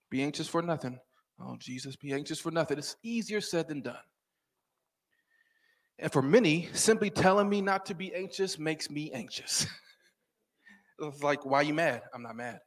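Young male preacher, slightly high voice, chatty and funny, loud then hushed. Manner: conversational, humorous, swings from loud to hushed. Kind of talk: sermon.

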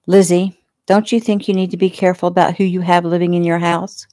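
A jealous, bullying small-town male cop who barks his questions loud and pushy, as a woman puts him on. The voice keeps a mellow, darker color. The sound is close and dry. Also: high-pitched, little pitch movement, fairly quick, no echo, natural voice. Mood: defensive.

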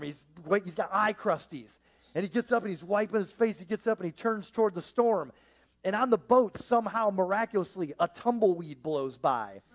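A man with a notably high-pitched voice preaches a lively sermon to a church congregation. He jokes and riffs, dropping to a near-hush one moment and pushing loud the next. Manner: animated, joking, swings between hushed and loud. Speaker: pastor.

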